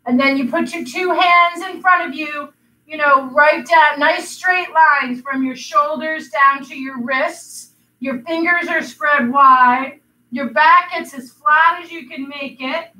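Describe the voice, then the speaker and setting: A woman's voice: high-pitched, takes it slowly, sharp tone. A woman leading a children's yoga class, playful and teasing as she guides each pose. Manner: playful, teasing with silly animal sounds. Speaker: kids' yoga instructor. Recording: echoey room, voice from a distance.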